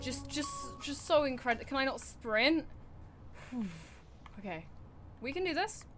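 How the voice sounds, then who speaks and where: A woman's voice: sits high, animated, a little slow, music in the background. A young woman streaming a horror game from her desk at home, chattering anxiously, mocking herself and breaking into sudden screams. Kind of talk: live game commentary.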